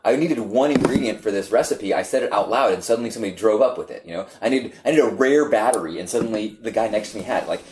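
Low voiced guy rambling through a story, lots of i-i-i and like, light hiss. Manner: halting, repeats words, animated when telling stories. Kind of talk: casual storytelling chat.

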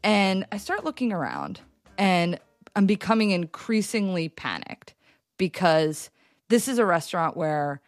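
Lady telling a story about her old job, swoops up and down a lot, kinda low voice. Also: dry recording, studio quality, faint music behind. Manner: animated, halting with restarts, acts out quotes. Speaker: storyteller guest. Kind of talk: personal anecdote in an interview.

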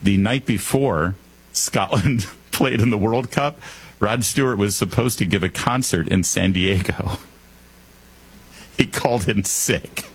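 A man's voice: on the low side, slow pace, slightly rough. A man hosting a talk radio show, delivering a comedic monologue full of sarcastic jokes and wry asides.

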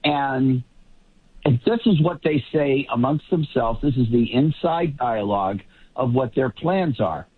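A man commenting on politics in a casual panel talk, rambling with quick asides. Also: mid-range voice, expressive, slightly rough. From Boston area. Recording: tinny phone-like line.

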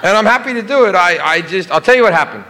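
A male stand-up comedian telling a profane travel story, fast and brash with stammered restarts. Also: high voice, expressive, bright, forceful tone. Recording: live stand-up in a reverberant hall.

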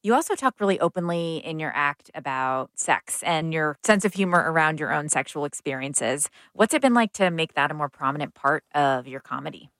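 A woman host asking calm, measured interview questions. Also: sits low, no room sound.

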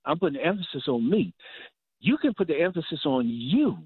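A man's voice: a little high, sing-song, normal speed, husky, no room sound. A man preaching a sermon, emphatic and repeating phrases for stress. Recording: dry, tinny phone-like sound.

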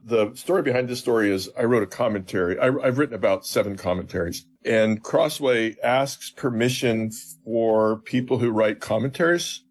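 Husky middle-aged man explaining scripture. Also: medium pitch, moderate pace, hardly any pauses. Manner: earnest, acts out quoted dialogue with emphasis. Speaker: professor of biblical theology, guest.

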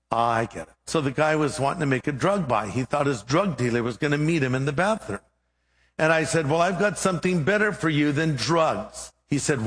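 Pastor preaching with animated storytelling. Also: male voice, on the high side, brisk, big-room sound. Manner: storytelling with acted-out dialogue and humor. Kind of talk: sermon.

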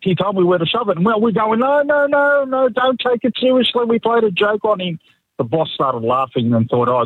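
A man calling in to a radio show, telling a story in a lively way and chuckling as he goes. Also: mid-range voice, slightly rough, dry recording, narrow, tinny audio. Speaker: caller. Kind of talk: phone-in anecdote. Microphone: phone line.

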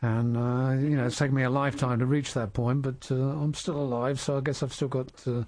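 A man's voice: medium pitch, level tone, fairly quick, darkish tone, no room sound. An older man hosting an interview, talking in a reflective, hesitant way with many filler words. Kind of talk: casual interview chat.

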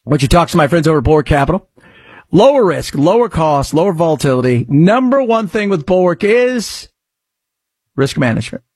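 Husky male radio talk host. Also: a little high, sing-song, a little mellow, no room sound, clean studio sound. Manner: rambling, conversational, quick ad patter. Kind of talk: radio talk commentary and live ad reads.

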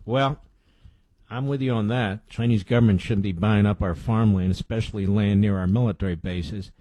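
A man's voice: on the low side, steady tone, normal speed, warm tone, no echo. A man hosting a talk radio show, reading sponsor spots and taking calls in an emphatic, indignant way. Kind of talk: talk radio monologue and call-in.

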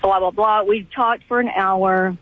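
A middle-aged woman calling in to a radio show, telling a family story in halting, restarting sentences. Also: medium pitch, steady tone. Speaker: caller. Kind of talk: call-in radio conversation. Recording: tinny phone line, dry.

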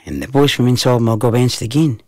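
A man narrating a children's story in a gentle, even way. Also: mid-range voice, quick pace, no echo.

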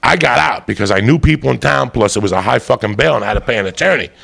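A man's voice: medium pitch, expressive, quick pace, a bit bright. A man telling a rambling, profane comic story, often laughing as he goes. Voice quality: gravelly.

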